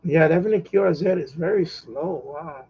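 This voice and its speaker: A man's voice: fairly high pitch, a little fast, mellow, breathy edge, muffled recording. A man with a New York accent chatting casually and repetitively on his radio hobby live stream. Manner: repetitive, conversational, chuckles often. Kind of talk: casual rambling chat.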